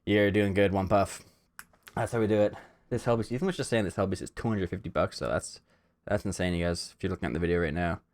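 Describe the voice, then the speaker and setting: A man's voice: low voice, fast, darkish tone. A young man from Canada hosting a casual solo podcast, telling stories in a rambling way with lots of "like" and "um". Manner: rambling storyteller, heavy on "like" and "um". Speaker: podcast host.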